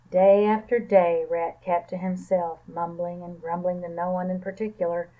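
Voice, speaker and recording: A woman librarian reading a children's picture book aloud in a calm, even storytelling manner. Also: on the low side, normal speed, hardly any pauses. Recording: tinny phone-like sound.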